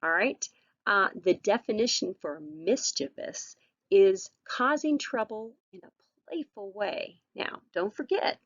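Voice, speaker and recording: A woman's voice: medium pitch, expressive, takes it slowly, a bit bright, no room sound, highs cut off. A woman teacher giving a recorded vocabulary lesson, patient and encouraging, with frequent ums and all-rights.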